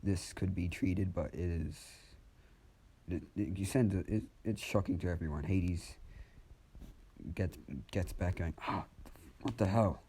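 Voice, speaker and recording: A man improvising a fan story out loud in a casual, rambling way, with many restarts and some swearing. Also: low-pitched, steady tone, measured pace, breathy edge.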